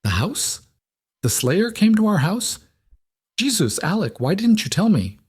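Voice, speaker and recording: A man's voice: lowish voice, very animated, normal speed, darkish tone, husky, dry recording, studio quality. A man voicing an exasperated adult woman who fires pointed, incredulous questions at her husband in an audiobook. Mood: alarmed. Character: sharp-tongued wife, adult woman, exasperated.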